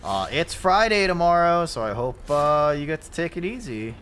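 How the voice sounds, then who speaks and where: A man chatting casually while streaming a game, swinging between loud outbursts and mumbled asides. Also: on the high side, very animated, normal speed, a little hiss or hum. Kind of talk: casual gaming livestream chat.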